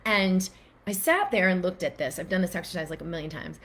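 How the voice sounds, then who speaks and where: A woman teaching in a casual, animated way, acting out the quoted voices of inner thoughts as she explains. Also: fairly low pitch, fairly quick. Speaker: physician and wellness teacher.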